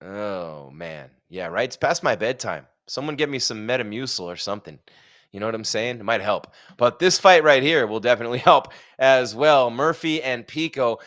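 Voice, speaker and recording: A man's voice: mid-range voice, expressive, normal speed, a bit bright. A man hosting a live fight stream, chatting casually with jokes and rhetorical questions. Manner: reads sponsor ad.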